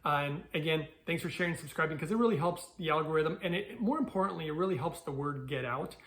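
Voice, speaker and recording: Rambling man host, slightly high voice. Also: quick pace, a bit bright. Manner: rambling, repeats himself, many fillers. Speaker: channel host. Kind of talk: casual talk to camera.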